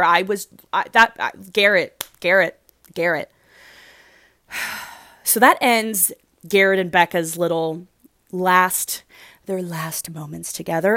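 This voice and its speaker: A woman's voice: medium pitch, unhurried, a bit bright, no echo, studio quality. A woman chatting casually as she recaps a reality show, rambling and gushing, with lots of "like" in her speech. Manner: gushing, rambling, heavy use of "like".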